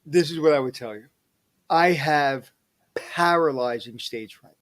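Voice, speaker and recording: A middle-aged man, a hospitality executive, telling personal stories in an energetic, animated interview. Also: a little high, a little slow. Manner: energetic, animated storyteller who digresses. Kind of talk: casual storytelling interview.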